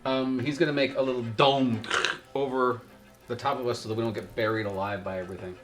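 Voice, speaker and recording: A man's voice: medium pitch, steady tone, a little fast. A man playing a tabletop game, talking casually and hesitantly with plenty of ums and uhs. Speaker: player.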